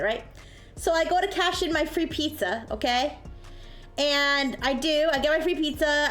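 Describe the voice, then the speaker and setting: A woman streamer chatting casually at her desk microphone, telling an animated story and acting out the people in it. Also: high voice. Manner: animated storytelling, acts out yelling voices. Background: soft music.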